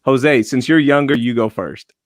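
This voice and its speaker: Podcast host, male, upbeat and playful; dry close sound, mid pitch. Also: normal speed, dry recording. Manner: upbeat, playful, laughs often. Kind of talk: casual chat.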